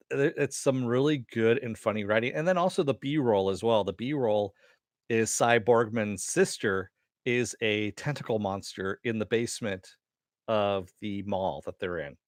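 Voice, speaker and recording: A man with a fairly low voice hosts a casual spoken review of a cartoon episode, talking a little slowly, rambling, laughing as he retells funny lines, and cursing at times. The recording is dry, with clean studio sound.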